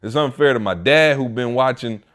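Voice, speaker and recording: A man's voice: mid-range voice, moderate pace, a bit bright. A man co-hosting a podcast, reading listener questions in a casual chat with joking, exasperated rants. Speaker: podcast co-host.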